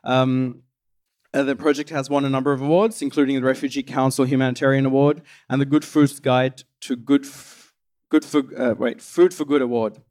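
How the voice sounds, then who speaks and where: A man hosting an event and introducing a speaker, with halting, filler-heavy speech. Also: mid-range voice, level tone, a little mellow. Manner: halting, fumbling words with many fillers. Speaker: event host.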